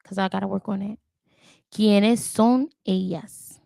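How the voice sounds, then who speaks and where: A woman vlogging her language study in casual chat, thinking aloud, talking to her viewers and trying out words carefully and haltingly. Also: mid-range voice, fairly even intonation, vocal fry, dark tone, no echo. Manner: thinks aloud, chatty, talks to viewers as "y'all".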